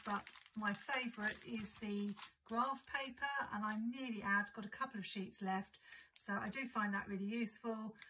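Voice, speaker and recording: A woman's voice: on the high side, pushed and bright, a little hiss or hum, poor audio. A woman chatting casually and enthusiastically as she unboxes and describes craft supplies for her vlog. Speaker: craft and planner vlogger. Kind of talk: casual haul unboxing chat.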